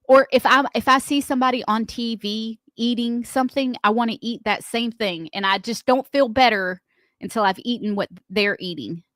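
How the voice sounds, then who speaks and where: A woman's voice: on the high side, moderate pace, a bit bright, dry recording, clean studio sound. A woman co-hosting a morning radio show, telling chatty stories and acting out what people say. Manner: chatty storyteller, laughs often, acts out quotes. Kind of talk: casual morning radio chat. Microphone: studio microphone.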